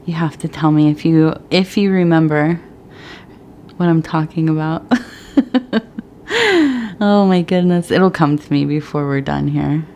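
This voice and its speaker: Middle-aged female tea leaf reader, soft rambling ASMR delivery, unhurried and low-pitched, faint room ambience. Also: creaky, a little hiss or hum. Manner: rambling, soft and partly whispered. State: slightly out of breath. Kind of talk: soft-spoken ASMR chat.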